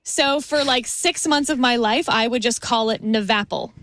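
A woman's voice: on the high side, a bit bright, no echo. Wry woman political commentator. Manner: brisk and wry, telling anecdotes. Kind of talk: casual political talk.

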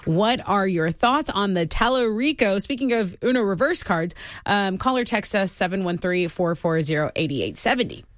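A woman's voice: mid-range voice, expressive, normal speed, no echo, clean studio sound. Radio co-host woman reading news. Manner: casual, reads listener texts and news items. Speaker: radio talk show co-host.

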